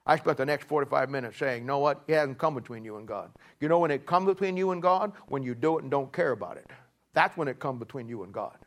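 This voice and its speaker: A man's voice: mid-range voice, fast. A middle-aged man, preaching a sermon in a folksy storytelling way and acting out both sides of a talk. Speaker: pastor.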